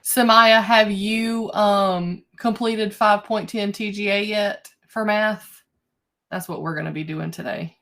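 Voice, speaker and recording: A young woman teacher, talking her class through steps on a video call in a relaxed, chatty way. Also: medium pitch. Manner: relaxed, chatty, with slow stretched prompts. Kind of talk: online class instructions. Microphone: computer mic on a video call.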